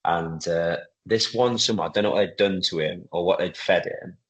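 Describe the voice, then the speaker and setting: A man in his thirties, a footballer and club captain, chatting casually in a podcast interview, relaxed, with lots of fillers. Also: low voice, normal speed, slightly rough, poor audio. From England.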